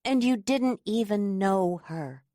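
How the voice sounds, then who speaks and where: A woman's voice: mid-range voice, animated, takes it slowly, warm tone, no room sound, clean studio sound. Woman putting on a pleading, defensive young woman. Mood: bitter. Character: insistent jealous young woman, anxious to please.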